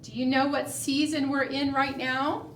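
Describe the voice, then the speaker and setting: A children's librarian leading a preschool storytime, coaxing young children in an animated, encouraging way. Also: female voice, sits high, a little slow. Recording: roomy, from a distance, faint noise.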